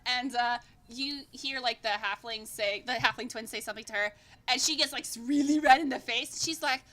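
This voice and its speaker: Bright, high-voiced woman game master. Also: moderate pace. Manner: casual, rambling, swears freely. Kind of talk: narrating a tabletop game.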